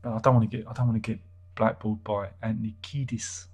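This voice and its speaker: A man chats casually on his livestream, reading viewer comments and musing aloud. His voice is husky with a slightly breathy edge, and he rambles, cuts himself off and restarts his sentences with dry, wry asides. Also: fairly low pitch, little pitch movement, fast talker, darkish tone. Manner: rambling, self-interrupting, wry. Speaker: livestream host reading chat.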